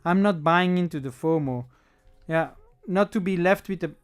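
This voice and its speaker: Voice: mid-range voice, moderate pace, clean tone, soft background music. A livestream host chatting casually with viewers while opening trading card packs, thinking aloud and reading the chat. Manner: thinks aloud with small self-corrections.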